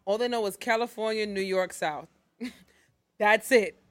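A woman's voice: mid-range voice, a little slow, no echo. A young woman co-hosting a podcast, joking around in playful, slangy casual chat. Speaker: podcast co-host.

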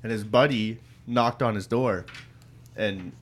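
A man's voice: lowish voice, slow pace, a little hiss or hum. A young man co-hosting a podcast who tells a work story in a laid-back, swearing way and often laughs while talking. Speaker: podcast co-host. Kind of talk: casual chat, storytelling.

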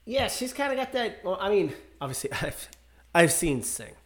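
This man talks in a lively, bouncing way, with a voice that sits a little high. He co-hosts a casual chat, guessing at things and often laughing in disbelief. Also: moderate pace. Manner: animated, laughs often, incredulous. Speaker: podcast co-host guessing songs. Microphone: headphones and microphone.

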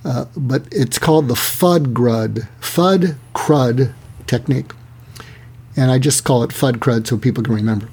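A man's voice: mid-range voice, unhurried, breathy edge. A man, an author being interviewed, explaining techniques in a conversational way and acting out example dialogue. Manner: animated, acts out dialogue examples. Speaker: author and guest.

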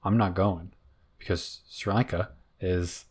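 A man's voice: deep voice, steady tone, takes it slowly, a little mellow, slightly rough. A man co-hosting a podcast in casual chat, talking loosely with lots of fillers and frequent laughs. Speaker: podcast co-host.

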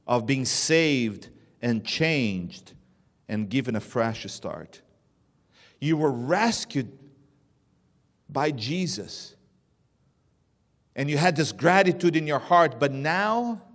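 A man preaching a sermon, swinging between loud emphatic bursts and hushed, low lines. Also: animated, slow pace, long pauses. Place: church sanctuary. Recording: long reverb of a church hall.

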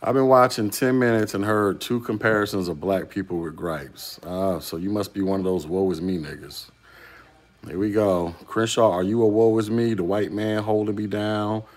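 Deep-voiced male YouTube host, casual chat, rhetorical and conversational. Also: normal speed. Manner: conversational, rhetorical questions to a commenter. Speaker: YouTube commentator.

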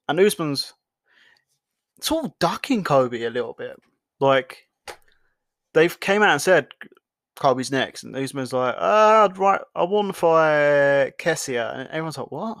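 A man's voice: mid-range voice, fairly bright tone, no room sound. A young man hosting a podcast, talking loosely and swearing a lot, often restarting his sentences. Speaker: podcast host. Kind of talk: casual solo commentary.

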